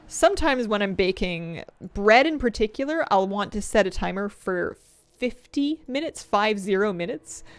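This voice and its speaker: A woman's voice: mid-range voice, no echo. A woman chatting casually while streaming a game, rambling through asides and laughing often, close to a desk microphone at home. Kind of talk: casual chat while gaming.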